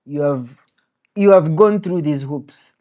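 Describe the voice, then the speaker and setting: A man's voice: fairly high pitch, slow, mellow. A young man co-hosting a podcast, joking and teasing in casual chat. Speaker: podcast co-host.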